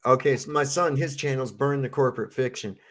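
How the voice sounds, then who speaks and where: A man's voice: mid-range voice, brisk. A man telling a long, rambling story in a casual panel chat, swearing freely.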